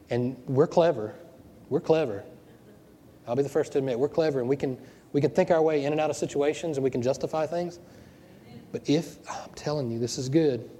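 Mellow-voiced male pastor, echoing hall. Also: mid-range voice, a little hiss or hum. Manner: conversational, with rhetorical questions and repeated words. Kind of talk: sermon. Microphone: wearing a microphone. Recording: long hall reverb.

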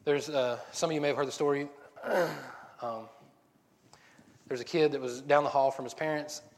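A man's voice: medium pitch, fairly even intonation, moderate pace. A man preaching a casual sermon, rambling and joking, often breaking off mid-sentence. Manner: rambling, self-interrupting, joking. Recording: long hall reverb.

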